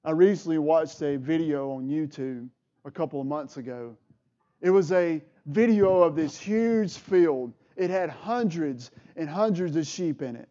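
A man's voice: fairly high pitch, measured pace, warm tone, highs cut off. A male pastor preaching a sermon, swelling with feeling as he builds his points. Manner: preaching with rising emotional swells.

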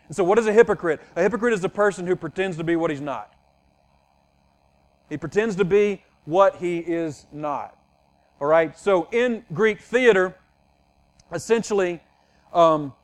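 A middle-aged male pastor preaching a sermon, teaching earnestly and repeating key phrases for emphasis. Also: high-pitched.

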